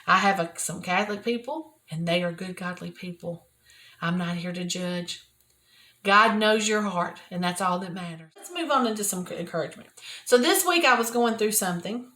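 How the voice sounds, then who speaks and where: Earnest older woman, soft-spoken. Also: on the low side, moderate pace. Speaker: Christian video host. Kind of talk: personal devotional talk. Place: private office at work.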